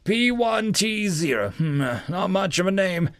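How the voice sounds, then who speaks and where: A cocky young man, as a male narrator plays him, teasing his alien captor and cooing at a big dog. The voice is lifted higher than the narration and lively in its swings, with a gravelly grain underneath. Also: measured pace, no room sound, soft background music, exaggerated voice.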